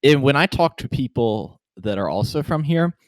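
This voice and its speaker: A podcast co-host from West Virginia tells rambling stories with a mild West Virginia accent. His voice sits at an ordinary pitch and is recorded dry and close. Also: animated, moderate pace, no room sound. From West Virginia, USA. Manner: rambling, storytelling. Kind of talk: casual chat.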